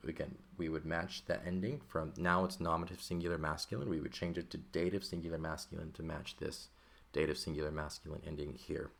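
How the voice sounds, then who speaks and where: A man with a very low, deep voice walks through a textbook lesson like a teacher. He explains each step patiently and keeps checking in with "okay" and "right". He is close to the mic. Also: steady tone, brisk, vocal fry. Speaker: Greek teacher.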